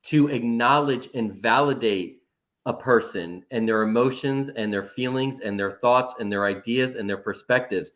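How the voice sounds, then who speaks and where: A man making emphatic points in a casual discussion about mental health, repeating phrases for stress. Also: medium pitch. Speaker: panel speaker on mental health.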